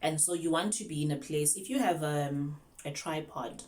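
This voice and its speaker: A woman's voice: low-pitched, normal speed, darkish tone. A woman who teaches English online gives chatty advice at her desk in a sunlit room, switching languages mid-sentence. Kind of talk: casual advice vlog.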